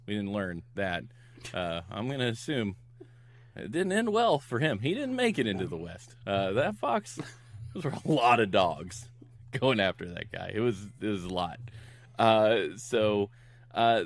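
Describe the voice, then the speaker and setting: A middle-aged man recapping a movie on a podcast, laughing often and acting out the characters' lines as he goes. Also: on the low side. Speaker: podcast co-host recapping a film. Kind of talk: casual chat.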